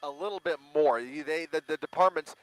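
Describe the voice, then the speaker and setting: A man giving measured live news commentary on a scene, hedging his claims. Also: a little high, a bit bright, low-quality recording. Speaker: news reporter.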